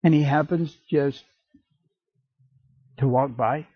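A man preaching a sermon in an animated way, acting out little voices and jokey asides. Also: medium pitch, slow pace, slightly rough, no room sound, dull audio.

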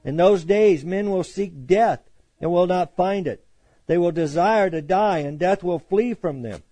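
A man's voice: high-pitched, mellow, no room sound. A man teaching verse by verse through the Bible, reading scripture aloud and then explaining it in a conversational way with joking asides.

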